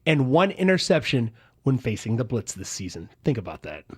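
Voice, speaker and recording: A man's voice: mid-range voice, very animated, fairly quick, slightly rough. A male co-host with a mid-range voice, reading a statistic in a dry, matter-of-fact way. He speaks from a studio mic on a sports talk show.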